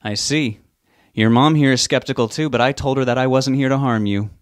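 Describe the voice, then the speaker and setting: A man voicing a menacing, mocking middle-aged father who holds a gun, with a loud, taunting delivery. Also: mid-range voice, a little fast, dry recording, studio quality, pitched above the performer's own voice, natural voice.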